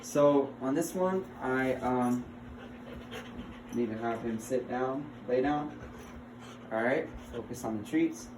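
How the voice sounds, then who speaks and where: Young guy student demo, unhurried, laughs a lot, echoey room, faint hiss. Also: mid-range voice. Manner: chatty and fumbling, laughs often, coaxes his dog. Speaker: health assessment student. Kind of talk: casual recorded skills demonstration. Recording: roomy with faint noise.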